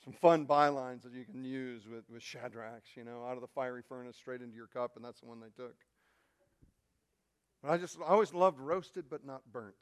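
A male pastor preaching a sermon, telling a story and swinging from quiet, intimate asides to loud, shouted peaks. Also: mid-range voice, moderate pace, clear, resonant tone.

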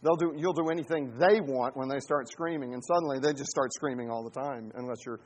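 A man's voice: mid-range voice, a little fast. A man in his forties preaching a sermon, mixing humorous family stories with emphatic, rising exhortation. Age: 40s. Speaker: pastor.

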